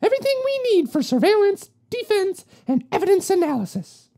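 Woman putting on a high fussy badger agent voice, swooping pitch, mellow tone, storybook voice. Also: big pitch swings, fairly quick, full character voice. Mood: prim. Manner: fussy, proper, punning. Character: prim European honey badger agent. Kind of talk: storybook character voice.

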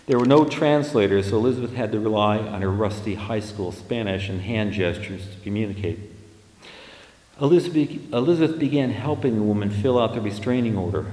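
A man, an author and writing teacher, reading his fiction aloud at a measured, steady pace with small restarts. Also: on the low side. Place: reading venue hall. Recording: echoey hall reverb.

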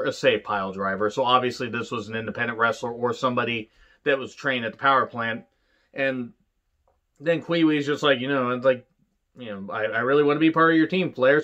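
A man's voice: mid-range voice, sharp tone, highs cut off. Blunt, profane man reviewing wrestling. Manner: blunt and profane, with quick mocking impressions. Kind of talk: casual solo review monologue.

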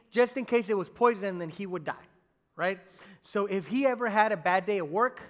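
High-voiced pastor preaching in a reverberant hall. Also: male voice. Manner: lively, conversational preaching with many fillers and asides to the congregation. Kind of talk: sermon. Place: church sanctuary on a stage. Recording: church hall with long reverb.

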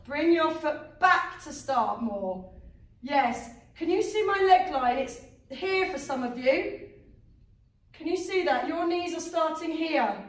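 A woman's voice: high-pitched, animated, takes it slowly. A woman teaching a live tap dance class, calling out steps in a sing-song count and praising students by name. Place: dance studio. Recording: echoey room, distant mic, loud music.

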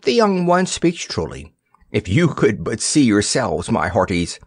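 A man's voice: medium pitch, huge pitch swings, a little slow, dry recording, studio quality. Man doing a cheeky jeering parrot. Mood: mocking. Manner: jeering, rollicking. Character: cheeky male parrot, mocking and merry.

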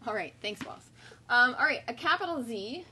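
High, animated kindergarten teacher woman. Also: moderate pace, slight background noise. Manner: cheerful singsong teacher voice, firm when correcting children. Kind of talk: home video lesson for young children. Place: home room with a cluttered floor. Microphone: camera on a tripod.

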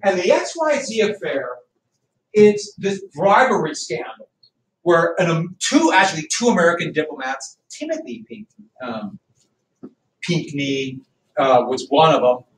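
A man teaching a history class, loud and animated, cracking jokes in a classroom. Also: a little high, unhurried, a little hiss or hum. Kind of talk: classroom lecture. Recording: echoey classroom from far off.

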